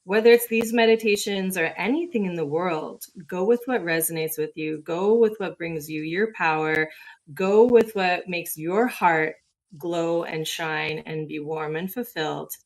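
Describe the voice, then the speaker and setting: A woman's voice: on the low side, a little slow. A woman guest in a live conversation, speaking earnestly about spiritual ideas.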